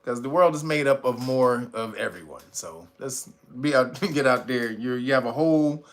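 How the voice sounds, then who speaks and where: A man's voice: mid-range voice, animated, normal speed. Blunt, profane male commentator. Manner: profane, blunt and laughing often. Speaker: channel host. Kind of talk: casual commentary monologue.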